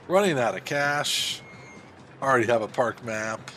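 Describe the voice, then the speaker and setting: A man with a medium-pitched voice streams a game from a standing desk in a room at home, talking at a moderate pace. He's chatty and animated, reading viewers' messages and answering them casually as he plays. Faint music can be heard behind his voice.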